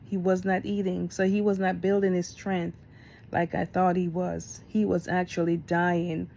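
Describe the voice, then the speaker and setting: Woman vlogger, middle-aged, chatty and candid; low, warm tone, slight background hiss. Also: unhurried, vocal fry. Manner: candid, chatty, animated when retelling. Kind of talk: personal storytime vlog.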